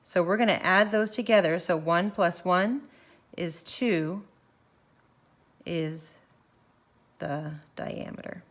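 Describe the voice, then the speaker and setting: Slightly low-voiced woman math teacher. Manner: walks through steps slowly, thinking aloud. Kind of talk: recorded math lesson. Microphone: phone camera filming her worksheet.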